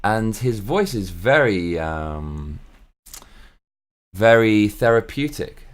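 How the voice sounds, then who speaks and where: A man with a somewhat low voice, chatting to camera in a loose, rambling monologue. He bounces from thought to thought with excitable bursts and casual swearing, recorded at home. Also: slow, faint music behind. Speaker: vlog host.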